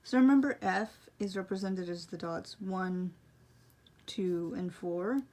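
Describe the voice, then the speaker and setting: A young braille teacher gives a casual tutorial on braille punctuation, rambling, putting herself down, and apologizing for how she explains things. Her voice is lowish and dark, and she goes slowly.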